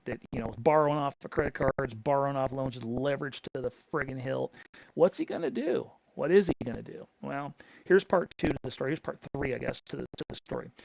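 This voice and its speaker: A man's voice: medium pitch, gravelly, no room sound, dull audio. A middle-aged man hosting a crypto channel, telling a story in a blunt, rambling way with frequent restarts. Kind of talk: casual storytelling monologue.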